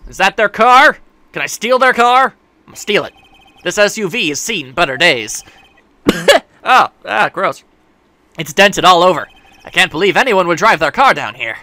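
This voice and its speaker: Jokey lively young guy gaming. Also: a little high, dry recording. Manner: joking, rambling, laughs often. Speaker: let's play host. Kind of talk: casual gameplay commentary.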